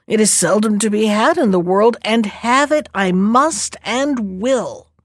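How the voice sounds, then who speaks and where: Woman reader doing a scheming old witch; low, grim, threatening, dry recording. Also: a little slow, dry recording, lightly acted.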